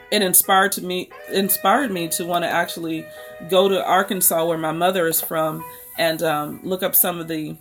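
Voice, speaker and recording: A woman's voice: lowish voice, creaky. An American woman hosting a live book stream, chatting casually and rambling to her viewers. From United States. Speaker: book channel host.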